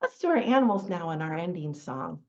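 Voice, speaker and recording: A woman running a children's storytime, reading a picture book and coaxing the kids to join in with a lively, sing-song manner. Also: fairly low pitch, brisk, highs cut off. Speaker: children's librarian.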